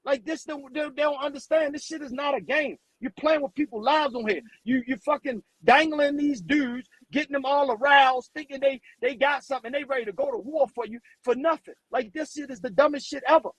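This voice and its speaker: A man hosting a live stream launches into a heated, blunt, profane rant, stumbling over repeated words when riled. His very high-pitched, fairly bright voice moves fairly quickly with hardly any pauses, in a rough recording with no room sound.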